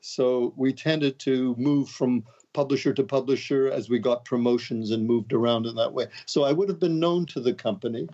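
A man's voice: mid-range voice, moderate pace, hardly any pauses, mellow. Wry older man from Canada, muffled. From Canada (Montreal). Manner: wry, self-deprecating joking. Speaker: guest author. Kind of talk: conversational interview.

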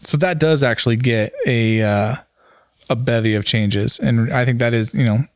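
A man's voice: medium pitch, normal speed, no room sound, studio quality. A man in his thirties co-hosting a casual talk show, rambling with fillers and restarts. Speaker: podcast co-host. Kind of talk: casual chat.

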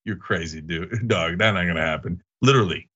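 Bright, animated male host. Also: low voice, a little fast, slightly rough, highs cut off. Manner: laughing, animated banter. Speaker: show host. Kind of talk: casual chat, reading viewer comments.

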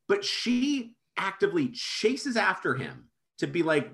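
Incredulous man with lively intonation. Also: a little high, a little slow. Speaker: podcast co-host reviewing a film. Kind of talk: casual chat.

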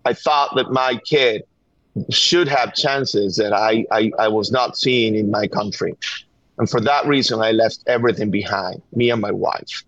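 A man's voice: fairly low pitch, a little slow, fairly bright tone, dry recording. A middle-aged man from Venezuela with a Venezuelan Spanish accent, speaking earnestly and urgently as a guest, often repeating words as he presses a point. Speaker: guest, gun violence activist. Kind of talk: call-in interview. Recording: dull, dry remote line.

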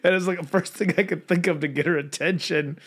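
A man co-hosting a podcast, telling stories in a casual, animated way and putting on high voices for the people in them. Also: fast talker, slightly rough. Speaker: podcast co-host. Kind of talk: casual chat.

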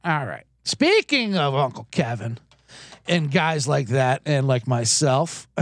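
Profane, animated male podcast host. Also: high voice, no echo, studio quality. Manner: profane, rambling, self-deprecating. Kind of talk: comedic sports podcast monologue.

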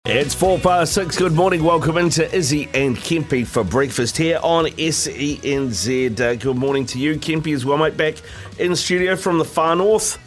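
A man's voice: fairly high pitch, normal speed, soft background music. A New Zealand man hosting breakfast radio from a studio, opening the show and ribbing his co-host in a chatty, jokey way. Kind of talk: casual radio banter.

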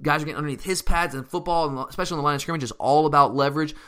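A man's voice: fairly high pitch, racing, sharp tone, smooth. A man hosting a sports podcast, answering listener questions in a casual, emphatic way and often restarting his sentences. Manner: emphatic and fired up, with frequent restarts. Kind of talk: casual fan Q&A commentary.

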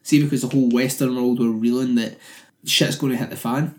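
A man's voice: mid-range voice, steady tone, fairly quick, reverberant. A young man, a podcast co-host, chatting casually about a film with sweary, jokey banter.

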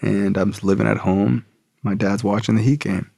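Casual storyteller, male, low gravelly voice, slangy and profane, dry close sound. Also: level tone, moderate pace, warm tone, dry recording. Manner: loose, profane, full of "like" and "bro".

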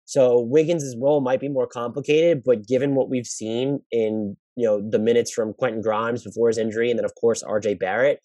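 A man's voice: mid-range voice, fairly even intonation, brisk, few pauses, warm tone, dry recording. A man hosting a basketball podcast, answering listener questions in a casual, thinking-aloud way with frequent restarts. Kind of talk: casual solo podcast analysis.

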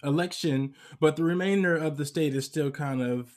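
A man hosts a sports podcast in a relaxed, talkative way. His voice sits a touch higher than most men's, and he often breaks into laughter as he chats with his guest. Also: moderate pace. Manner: lively, chatty, laughs often. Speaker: podcast host. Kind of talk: casual interview chat. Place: US West Coast.

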